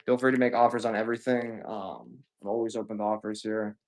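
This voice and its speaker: A man's voice: on the low side, fairly even intonation. Loose, profane man selling games live. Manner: loose and profane, greets viewers rapid-fire. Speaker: live-stream seller of video games. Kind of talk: casual live-selling chat.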